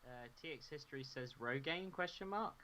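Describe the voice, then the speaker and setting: A man's voice: a little high, expressive, normal speed, pushed and bright, a little hiss or hum. A man co-hosting a live stream, reading chat questions and laughing often in an upbeat, casual way. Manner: giggly, upbeat.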